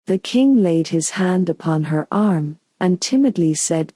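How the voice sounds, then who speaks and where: Slow, soothing woman narrator. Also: fairly low pitch, no room sound. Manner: calm, soothing and unhurried. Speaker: audiobook narrator. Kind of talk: soothing bedtime story narration.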